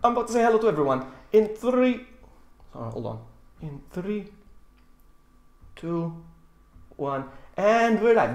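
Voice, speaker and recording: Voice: medium pitch, big pitch swings, unhurried, pauses often, a little mellow, reverberant. Giggly chatty game streamer. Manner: giggly, chatty, greeting viewers by name. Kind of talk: casual live stream chat.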